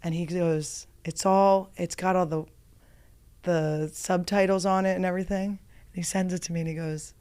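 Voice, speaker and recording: A woman's voice: lowish voice, steady tone, moderate pace, mellow, smooth. A woman hosting a podcast in a studio, rambling through self-mocking comic stories in casual chat. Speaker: podcast host.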